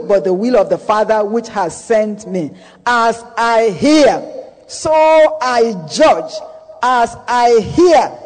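High-voiced preacher in an echoing hall. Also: male voice, a little mellow. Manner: emphatic, repeats key phrases, calls on the congregation. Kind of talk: sermon. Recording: long hall reverb.

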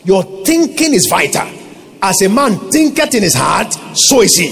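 A Nigerian man preaching a sermon as pastor, emphatic, rising to shouts and calling for hallelujah. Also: high-pitched, sing-song, normal speed, creaky, slightly rough, soft background music.

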